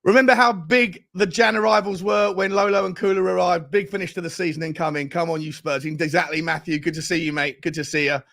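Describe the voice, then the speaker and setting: A man hosts a fan livestream in an excitable, slangy way. His voice sits high and has a gravelly, fried edge. He rattles through viewer messages with plenty of hype. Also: brisk, hardly any pauses. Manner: excitable, hyped, slangy banter. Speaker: fan show host. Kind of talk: livestream chat reading super chats.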